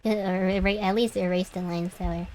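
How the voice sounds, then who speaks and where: A woman's voice: fairly low pitch, fairly even intonation, normal speed, darkish tone, slight background noise, low-quality recording. A young adult woman chatting casually as a streamer while she draws, rambling and giggly with many restarts, speaking from her room at home. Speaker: VTuber artist streamer. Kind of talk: casual chat while drawing.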